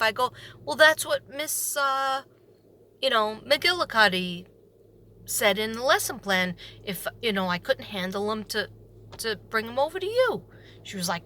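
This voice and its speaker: A woman with a New York accent tells a long, sarcastic story from her day as a substitute teacher. Her voice sits fairly high and sounds bright and sharp. She animates every quoted line. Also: expressive, a little slow. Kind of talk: storytelling vlog.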